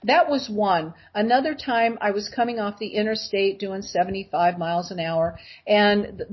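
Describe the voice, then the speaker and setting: Husky-voiced woman telling a personal story. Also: medium pitch, muffled recording. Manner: animated storyteller acting out voices. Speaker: guest.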